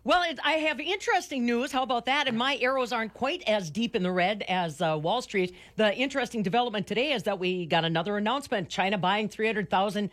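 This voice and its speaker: A woman's voice: fairly high pitch, fast, hardly any pauses, a bit bright. A woman farm director giving a chatty, folksy market report on live local news.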